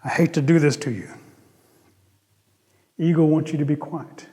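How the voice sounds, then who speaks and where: A man voicing a quiet, menacing male panther who talks softly and apologetically. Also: fairly even intonation, normal speed, close to an everyday voice. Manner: soft, low, apologetic. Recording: long reverb.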